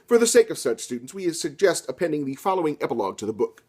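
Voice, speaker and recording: A man delivers a satirical literature lecture, his delivery lively and sweeping in pitch. Sarcastic asides land in a deadpan tone. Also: quick pace, few pauses, breathy edge. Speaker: comedy lecturer.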